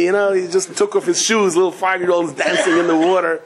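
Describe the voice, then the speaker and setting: A man's voice: fairly even intonation, quick pace, background noise. A man, a rabbi teaching a Torah class, telling stories and acting out the voices of the people in them. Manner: storytelling, acting out voices with swings of pitch.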